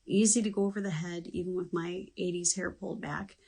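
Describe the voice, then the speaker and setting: A woman's voice: lowish voice, level tone, a little fast, gravelly, darkish tone, husky, rough recording. A middle-aged woman hosting a live online jewelry sales show, chatty and joking as she describes each piece in detail.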